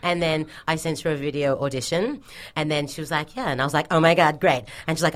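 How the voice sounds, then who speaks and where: Woman guest, rattles off an anecdote fast, deep voice for a woman. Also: fairly even intonation. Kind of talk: casual storytelling. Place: radio studio.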